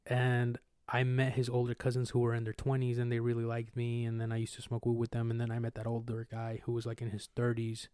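A man's voice: mid-range voice, completely flat delivery, quick pace, hardly any pauses, mellow, clean tone, no echo, clean studio sound. A young man co-hosting a podcast, telling rambling, slangy stories and acting out quotes with swearing. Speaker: podcast co-host. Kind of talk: casual storytelling chat.

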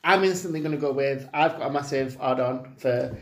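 A chatty co-host rambles through an anecdote, full of "um"s and restarts. The voice sits at a middle pitch. The recording carries a noticeable room echo. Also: fairly quick. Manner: rambling, animated storyteller with many fillers. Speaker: podcast co-host. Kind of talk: casual chat. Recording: roomy, echoey room sound.

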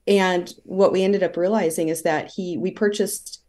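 A woman's voice: on the low side, fairly even intonation, moderate pace, darkish tone. A woman being interviewed as a holistic practitioner, telling long stories in a conversational way. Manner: talkative, tells stories at length.

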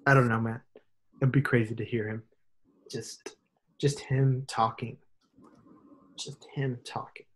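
A young man chatting casually and excitedly, with lots of slang and playful impressions. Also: mid-range voice, measured pace, long pauses, a little hiss or hum. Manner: animated, slangy, puts on voices for fun. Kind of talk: casual chat.

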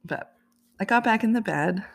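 A woman's voice: mid-range voice, lively intonation, normal speed, gravelly. A woman hosting a podcast, telling a personal story in a chatty, casual way and laughing often. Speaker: podcast host.

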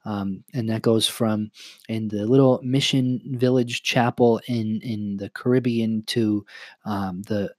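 A man's voice: lowish voice, steady tone, takes it slowly, a little mellow, no echo. A man co-hosting a podcast, a priest explaining church practice in a thoughtful way, with many fillers and restarts. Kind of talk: casual explanatory podcast chat.

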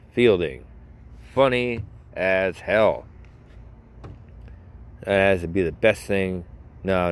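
Low-voiced laid-back guy rambling. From Florida, United States. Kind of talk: casual rambling monologue.

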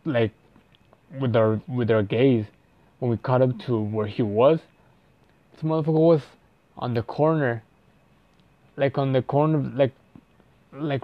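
A man's voice: mid-range voice, dry recording, muffled recording. A young man telling a story casually, rambling and profane, with lots of "like" fillers and restarts.

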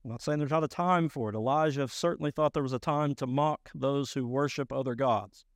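A man preaching a sermon as pastor, emphatic and rising to loud bursts. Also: medium pitch, brisk, no room sound, studio quality.

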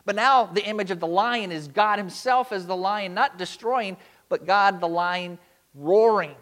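A man preaching a sermon, earnest and emphatic, slowing down to stress key words. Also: high-pitched, a bit bright. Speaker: pastor.

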